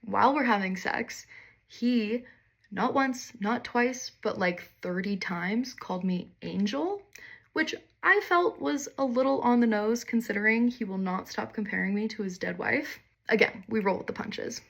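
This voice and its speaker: A woman's voice: on the high side, a little slow, creaky. A young woman telling a candid, wry personal story in a casual monologue, swearing freely and poking fun at herself.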